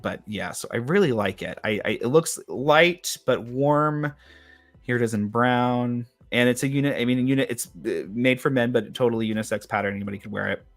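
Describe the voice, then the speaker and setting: A man's voice: medium pitch, brisk, faint music behind. A man hosting a casual craft livestream, chatty and upbeat, rambling a little as he reads viewer comments. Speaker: host of a craft and witchcraft livestream.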